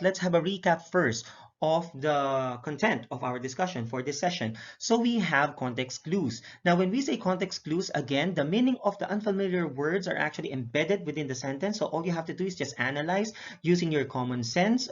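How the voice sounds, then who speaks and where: A male English teacher recapping a lesson, speaking in a measured way, repeating each word pair slowly with frequent "okay" and "uh" fillers. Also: on the high side, animated. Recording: dull lo-fi recording.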